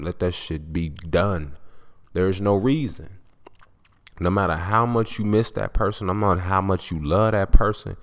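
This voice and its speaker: Gravelly-voiced blunt podcast host man. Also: low voice. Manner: profane, blunt, preachy storytelling. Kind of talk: unscripted monologue.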